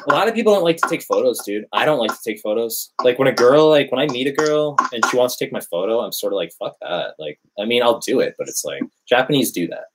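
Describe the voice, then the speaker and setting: A man's voice: medium pitch, animated, fast talker, hardly any pauses, very noisy. A young man in casual chat, telling a story animatedly, swearing and acting out quotes. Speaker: dating storyteller.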